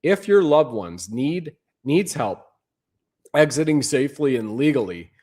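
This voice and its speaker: A man's voice: mid-range voice, big pitch swings, unhurried, a little mellow. Rambling man hosting a livestream. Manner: rambling, conspiratorial, emphatic. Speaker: show host. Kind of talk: livestream commentary monologue.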